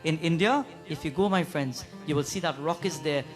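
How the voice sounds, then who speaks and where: A high-pitched man preaching a sermon at a prayer gathering, retelling a devotional story. He turns often to the listeners with questions and slips into sung verses, with soft music faint behind him. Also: normal speed. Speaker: pundit.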